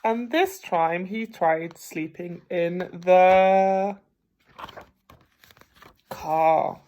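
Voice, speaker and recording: Teacher lady reading a kids picture book, slow and gentle, asks the kids stuff. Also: on the low side. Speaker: primary school teacher. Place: home.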